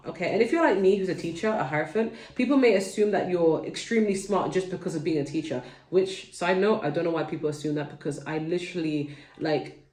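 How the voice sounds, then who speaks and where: A woman's voice: on the low side, darkish tone, echoey room, distant mic. A woman with a London accent giving a casual tarot reading at home, chatty and digressive, speaking straight to her viewers. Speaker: tarot reader.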